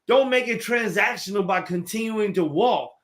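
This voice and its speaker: A man with a high voice and a lively, swinging pitch speaks in an upbeat, motivational way. He is co-hosting a casual chat and keeps a playful tone. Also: normal speed, slight background noise. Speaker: co-host.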